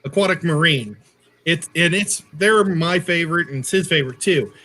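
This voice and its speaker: A man's voice: a little high, normal speed, bright, forceful tone. A man co-hosting a casual livestream, chatty and jokey, often stopping to correct himself. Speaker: co-host.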